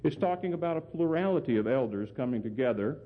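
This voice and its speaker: A man's voice: medium pitch, expressive, fast talker. A man preaching a sermon and explaining scripture, earnest and emphatic, often putting questions to his listeners. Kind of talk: sermon, Bible exposition. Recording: phone-like sound with long hall reverb.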